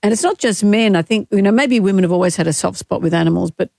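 Australian radio co-host, woman in her 60s, teary and halting, gravelly edge, dry studio sound. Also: medium pitch, darkish tone, dry recording. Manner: emotional, halting, candid. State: grieving, teary. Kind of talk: casual radio chat. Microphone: studio mic.

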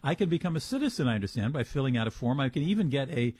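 Male radio host, upbeat and emphatic, husky voice, dry close mic. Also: medium pitch, very animated, racing, darkish tone, no room sound. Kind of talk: radio talk show hosting and ad reading.

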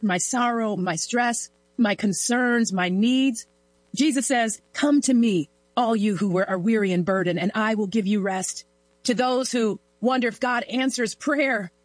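A woman's voice: a little high, no room sound, low-quality recording. A woman hosting a daily Bible devotional, reflective and earnest as she reads and explains scripture. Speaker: devotional host.

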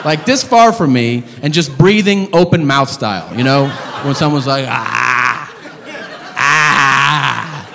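A man doing a stand-up comedy routine, telling a story in an animated, profane, incredulous way. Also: fairly high pitch. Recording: live club, reverb, audience noise. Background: audience laughter.

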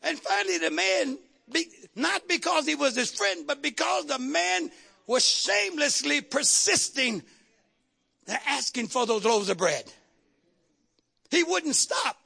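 Pastor, man, animated sermon with call-and-response, bright, sharp tone. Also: very high voice, creaky. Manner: dramatic, humorous, call-and-response preaching.

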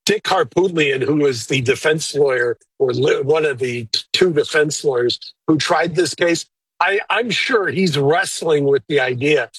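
A man who works as a lawyer, giving blunt, opinionated but measured answers in an interview. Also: fairly high pitch, a bit bright, slightly rough, no room sound, low-quality recording. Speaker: lawyer guest.

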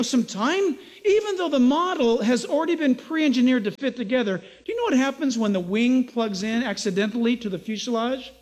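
A male pastor delivers a radio sermon in a high, lively voice with a slightly husky grain. He exhorts his listeners and challenges them with rhetorical questions, with faint music beneath him. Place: Southern California church.

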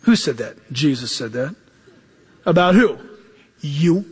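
A man preaching from the pulpit with a notably high voice. He keeps it animated, slipping into the voices of people he quotes and chuckling as he makes his points. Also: takes it slowly, breathy edge. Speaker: pastor. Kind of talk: sermon.

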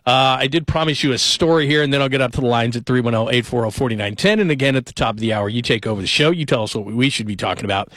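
A man's voice: medium pitch, quick pace, hardly any pauses, a bit bright, no room sound. A man in his forties hosting a sports radio show, chatting casually and telling joking stories at a studio microphone.

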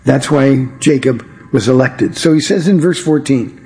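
A man teaching a Bible study in an earnest, emphatic way, slowing down to stress key words. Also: mid-range voice, darkish tone. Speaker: Bible teacher and radio show host.

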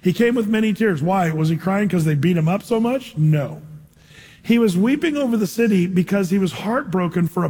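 Male preacher, high husky voice, chatty sermon full of rhetorical questions, long hall reverb. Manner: conversational, rhetorical questions, animated asides. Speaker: pastor.

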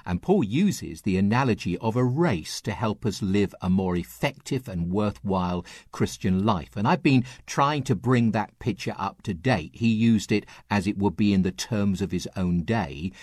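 A man preaching a radio sermon, with lively rises and falls and dramatic pauses. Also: deep voice, no echo, studio quality. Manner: lively, rising and falling delivery with dramatic pauses.

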